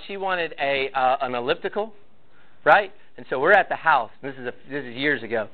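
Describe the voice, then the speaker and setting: A man's voice: medium pitch, a little fast. A man leading a church parenting class, talking casually to parents and telling stories with acted-out quotes. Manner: conversational, storytelling, acts out quotes. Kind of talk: casual teaching talk to parents. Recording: tinny phone-like sound.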